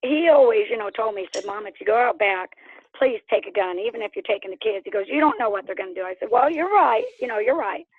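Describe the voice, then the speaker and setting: A woman from Oklahoma telling her story as an interview guest in casual storytelling, animated and laughing, acting out what others said. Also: fairly high pitch, fast, breathy edge, no echo. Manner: animated, laughs often, acts out quotes. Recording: tinny phone line.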